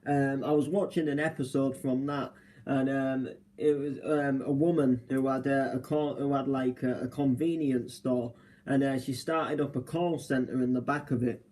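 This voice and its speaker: A man's voice: medium pitch, fairly even intonation, moderate pace, a little mellow, low-quality recording. A young man, live streaming casual chat from a hotel room, rambling with lots of fillers and restarts.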